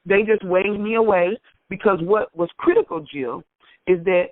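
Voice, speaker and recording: A middle-aged woman co-hosting a radio discussion, talking in an emphatic, heartfelt way with sudden jumps in pitch. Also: steady tone, moderate pace, dry recording. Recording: tinny phone-line sound, dry.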